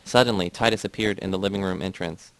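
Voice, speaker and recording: A man reading a novel aloud in the first person, measured and even. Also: low-pitched, no echo, rough recording. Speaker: audiobook narrator.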